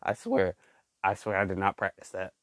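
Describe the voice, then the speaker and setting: Stammery guy chatting to the camera, pitch jumps all over, slangy, dry close sound. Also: normal speed, no room sound. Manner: stammering, animated, slangy, addresses listeners as y'all and bro. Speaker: vlogger. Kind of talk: casual monologue.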